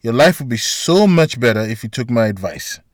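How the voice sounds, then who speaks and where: A man doing a firm woman doctor who lays down the rules, voice lifted a little and pushed louder than his narration, clipped and insistent. The sound is dry and close to the mic. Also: mid-range voice, expressive, moderate pace, no room sound, close to an everyday voice.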